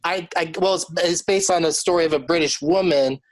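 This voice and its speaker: A man's voice: on the high side, fairly quick, no room sound. A man hosting a comedy game podcast, chatting in a rambling way and laughing easily. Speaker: podcast host.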